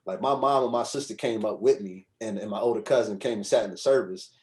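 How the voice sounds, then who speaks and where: Male podcast guest, slightly low voice, loose conversational storyteller who rambles and checks in with his listener. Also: quick pace, darkish tone, slight background noise. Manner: rambling, conversational, frequent "you know what I'm saying". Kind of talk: casual storytelling.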